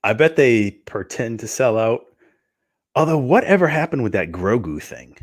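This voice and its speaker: A man's voice: medium pitch, very animated, normal speed. A man co-hosting a casual podcast chat, laid-back and wry, sighing now and then. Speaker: podcast co-host.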